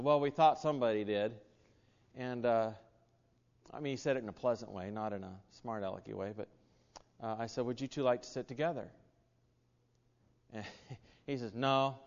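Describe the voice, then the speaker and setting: A man's voice: medium pitch, darkish tone. Folksy preacher man in an echoing hall. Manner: folksy storytelling, many fillers and restarts. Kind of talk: sermon with personal anecdote. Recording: dull sound in a reverberant hall.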